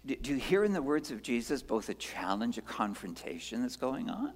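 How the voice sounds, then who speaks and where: A pastor preaching a sermon in an earnest way, moving between strong emphasis and hushed lines and asking rhetorical questions. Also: male voice, mid-range voice, big pitch swings, fairly quick, few pauses, slightly rough. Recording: long hall reverb.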